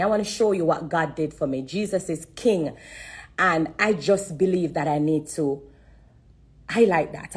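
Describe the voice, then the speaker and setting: A woman's voice: lowish voice, slightly rough. A woman with a Jamaican accent giving an emotional testimony on a phone live stream, earnest and repeating herself for emphasis while fighting back tears.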